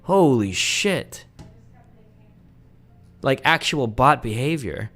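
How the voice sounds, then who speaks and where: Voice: mid-range voice, animated, takes it slowly, a bit bright, faint music behind. A streamer giving casual, sarcastic and profane commentary while reacting to a video. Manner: sarcastic and profane, mocking what is played.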